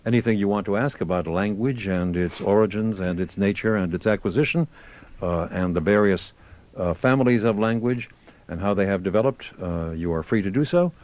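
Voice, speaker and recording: A man hosting a radio call-in show, talking in a measured way with some fillers. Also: on the low side, darkish tone, no echo, dull audio.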